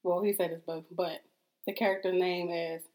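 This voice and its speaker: A woman's voice: fairly low pitch, flat delivery, normal speed, dark tone. A woman co-hosting a podcast in casual chat, insistent and easygoing, swearing casually and laughing often. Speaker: podcast co-host.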